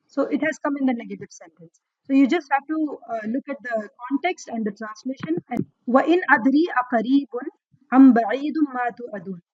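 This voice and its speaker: High-voiced woman teaching Arabic grammar. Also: dry recording, lo-fi sound. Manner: explains patiently, checks with "okay?" and "right?", reads verses quickly. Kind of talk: online lesson.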